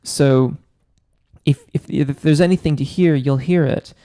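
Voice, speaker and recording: A man's voice: a little high, fairly even intonation, unhurried, warm tone. A man hosting a live Q&A as a vocal coach, reading viewer comments aloud by name and explaining singing technique in a casual way, close to the mic. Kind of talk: live-stream Q&A, casual chat. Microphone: close studio mic.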